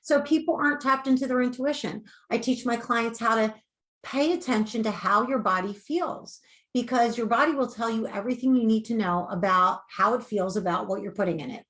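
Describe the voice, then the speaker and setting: A woman coach giving earnest, animated advice in a conversational interview. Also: a little high, brisk. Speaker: weight-loss coach.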